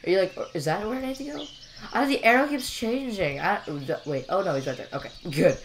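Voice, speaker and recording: A man's voice: high voice, expressive, fairly quick, slight background noise. Chatty young man rambling over gameplay. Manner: chatty, rambling and jokey, with frequent fillers. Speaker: gameplay commentator. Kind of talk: casual gameplay commentary.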